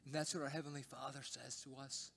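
An older man preaching a sermon as pastor, telling a personal story and swinging between loud emphasis and hushed, almost whispered lines. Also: mid-range voice, fairly even intonation, brisk, gravelly, slightly rough. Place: church sanctuary.

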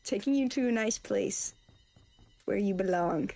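A woman's voice: medium pitch, measured pace, gravelly, warm tone. A woman playing a creepy demon granny who hunts her grandson in a game, teasing him with giggles, whispers and shrieks. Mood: taunting. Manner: giggly, taunting, swings between whispers and shrieks. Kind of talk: playful game role-play.

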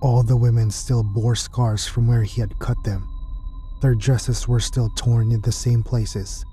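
A man reading a scripted horror story in a steady, measured storytelling voice. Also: mid-range voice, slight background noise. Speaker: narrator. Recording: clean narration with music bed.

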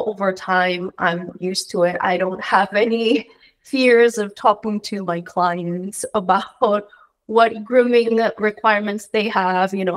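A woman's voice: medium pitch, low-quality recording. A woman from the United States, a dog groomer, chatting as an interview guest with frequent laughs and many filler words. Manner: laughing often, many "like" fillers, quoting others in asides. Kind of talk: casual interview chat.

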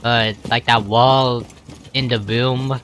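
A man playing an online shooter with friends, shouting callouts and laughing a lot. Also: medium pitch, flat delivery, takes it slowly. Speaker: teammate. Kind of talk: casual gaming banter with friends.

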